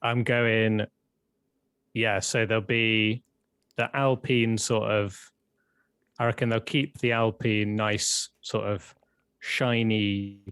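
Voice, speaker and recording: A British man co-hosting a casual livestream, talking in a relaxed, hesitant way with lots of pauses. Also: on the low side, clean tone, no room sound, studio quality. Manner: relaxed, hesitant, lots of ums and sort ofs. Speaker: co-host.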